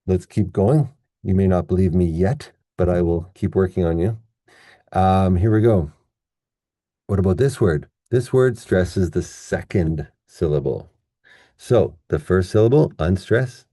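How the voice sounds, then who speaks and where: A man gives a patient, playful pronunciation lesson. His voice sits low and sounds very dark and mellow. He talks at an unhurried pace. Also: no echo, clean studio sound. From Canada. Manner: patient, playful, drawn-out demonstration words. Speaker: English pronunciation teacher.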